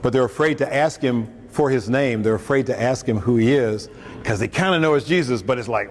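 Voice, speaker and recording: A man's voice: medium pitch, fairly quick. Man preaching in an echoey hall. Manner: conversational, joking asides, acts out quotes. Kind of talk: lunchtime talk on scripture. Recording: echoey hall, faint room noise, mic at a distance.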